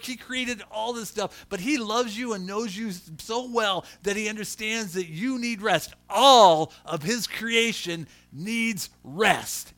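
A middle-aged man preaching a sermon, telling stories and acting out the voices of the people in them. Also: high voice. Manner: animated, acts out voices in his stories. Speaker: pastor. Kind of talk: storytelling sermon.

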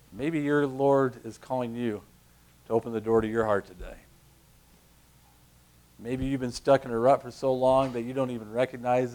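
A middle-aged male pastor preaching a sermon, telling stories with lively acted-out voices and loud, emphatic peaks. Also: medium pitch. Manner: animated storytelling, acting out voices, rising to loud emphasis.

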